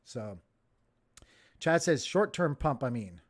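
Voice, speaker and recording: A man hosting a casual crypto livestream, giving excitable, jokey market commentary straight to his viewers. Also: mid-range voice, slow pace.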